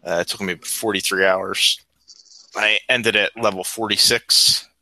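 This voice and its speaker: A man in a relaxed, casual podcast chat, dotting his speech with ums and uhs. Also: on the low side, a little slow, dry recording, poor audio. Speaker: podcast co-host. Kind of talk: casual chat over a video call.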